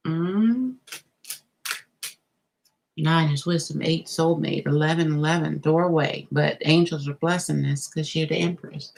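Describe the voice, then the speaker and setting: A woman reads tarot cards live for her viewers in a notably deep, low voice. She thinks out loud and reacts to each card with gasps and laughter. A faint hiss of noise sits behind her. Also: measured pace, creaky, poor audio. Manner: talks straight to the viewer, thinking aloud. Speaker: tarot reader. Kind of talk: live-streamed tarot reading.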